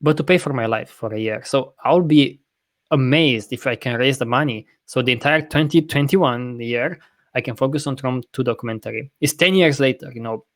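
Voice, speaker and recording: Rambling, profane podcast host. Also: male voice, mid-range voice, no echo. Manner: rambling, profane, self-correcting; laughs often. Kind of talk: casual podcast chat.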